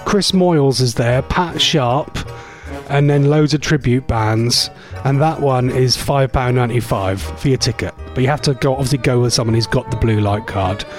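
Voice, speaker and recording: A man presenting a casual radio show, rambling and chatty, his voice going a bit hoarse. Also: mid-range voice, moderate pace, faint music behind. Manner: rambling, chatty, laughs often.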